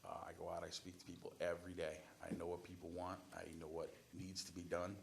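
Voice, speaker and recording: A man's voice: lowish voice, creaky, a little hiss or hum. A man applying for a council seat, answering interview questions in a council chamber with chatty, rambling storytelling. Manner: chatty storytelling, restarts and fillers. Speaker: city council applicant.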